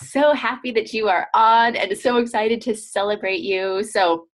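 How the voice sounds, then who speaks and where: A woman's voice: on the high side, a little slow. An eager woman lifestyle coach opens and steers a podcast interview. She talks in a bubbly, gushing way, leaning on "like" and "you know" as she goes. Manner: enthusiastic, frequent "like" fillers.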